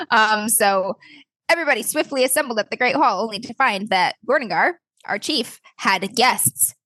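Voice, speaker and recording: A woman's voice: a little high, lively intonation, normal speed, bright, forceful tone, no room sound. A woman player recapping the last session of a tabletop game in a casual, giggly way. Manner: giggly, laughs through her lines.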